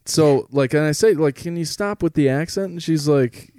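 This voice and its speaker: A man's voice: fairly high pitch, moderate pace, dry recording. A podcast co-host, a man, telling a rambling comedic story in casual chat and swearing freely. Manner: rambling, swears often, lively anecdotes.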